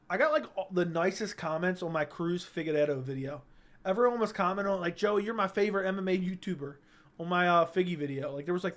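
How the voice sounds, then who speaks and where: A young man hosting a casual livestream on a studio mic, reading chat comments aloud and joking in a laid-back way. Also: high-pitched. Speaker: livestream host. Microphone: studio dynamic mic.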